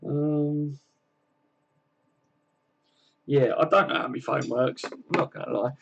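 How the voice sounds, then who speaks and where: A man's voice: mid-range voice, fairly even intonation, slow, vocal fry, husky, highs cut off. A man hosting a casual livestream from home, reading viewer comments and chatting in a friendly way, calling everyone mate. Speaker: livestream host.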